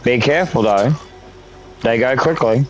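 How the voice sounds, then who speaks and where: A man's voice: mid-range voice, measured pace, natural voice. Curt afterlife gatekeeper, a man putting him on. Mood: matter-of-fact. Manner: matter-of-fact, curt. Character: offhand male afterlife gatekeeper assigning rebirths.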